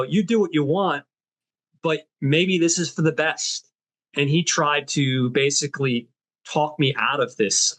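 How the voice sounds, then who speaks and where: A man hosting a film podcast, casually retelling a movie's story with many fillers and quick voiced quotes of the characters. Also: mid-range voice, fairly bright tone. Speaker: podcast host.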